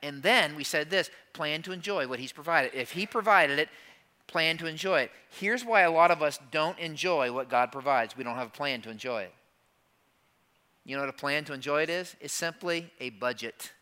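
A man's voice: a little high, normal speed, pushed and bright. A man preaching a conversational sermon as a pastor, asking the congregation rhetorical questions and acting out their objections.

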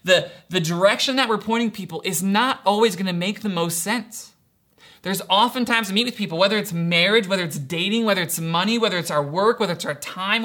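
Young male pastor, bright voice, casual sermon delivery with many "right"s and "kinda"s. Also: sits high. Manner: acts out quoted voices in storytelling.

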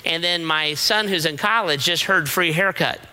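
Pastor, middle-aged man, high voice with a piercing bright edge, conversational storytelling sermon, keeps asking the room "right?". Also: moderate pace, clear, resonant tone, rough recording. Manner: storytelling with frequent rhetorical "right?" checks.

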